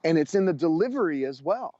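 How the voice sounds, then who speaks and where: Man, guest coach educator, earnest storyteller, fairly high voice, dry and dull lo-fi sound. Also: very animated, quick pace, dark tone, no echo. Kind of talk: storytelling interview talk. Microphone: podcast microphone.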